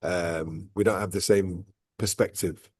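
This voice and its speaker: A man chats at length as the host. His voice sits low and warm, and it sounds dry and close to the mic. He keeps circling back with "look" and "right?" as he shares his stories. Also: steady tone, unhurried, slightly rough, no room sound. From outside Dubai. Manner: rambling, repeats "right?" and "look". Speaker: vlog host. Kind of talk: casual reflective chat.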